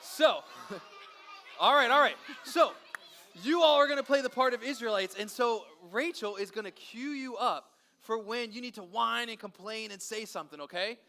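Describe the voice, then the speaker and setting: A man leading a children's Bible story, energetic, playful and chatty with the kids. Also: very high voice, moderate pace, a faint crowd. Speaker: children's pastor.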